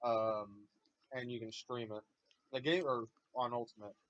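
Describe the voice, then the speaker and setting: A man's voice: medium pitch, fairly even intonation, a little slow, a bit bright, no echo. Male friend on voice chat, matter-of-fact explainer, dry dull mic.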